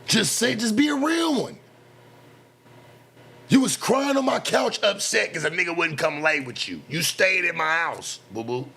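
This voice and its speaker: A man's voice: high-pitched, expressive, creaky, sharp tone, breathy edge. A man from the US West Coast, a streamer giving a heated, profane reaction commentary. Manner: profane, heated, rapid-fire ranting.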